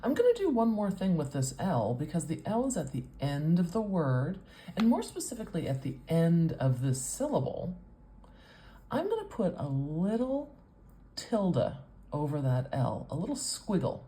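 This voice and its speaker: A woman with a North American accent, teaching as a speech coach with patient explanations and drawn-out sound demonstrations. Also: on the low side, huge pitch swings, mellow. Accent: North American English. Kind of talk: teaching with a whiteboard demo.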